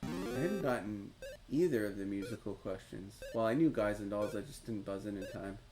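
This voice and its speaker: With music playing, a man with a fairly low voice commentates his retro quiz game at a moderate pace. He's excitable on the live stream, cheering and talking to his viewers.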